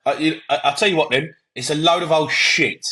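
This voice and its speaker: Male football podcast co-host, fired-up ranter, sharp bright tone. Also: on the high side, a little fast. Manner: heated ranting, swears, talks over others; repeats punchy phrases.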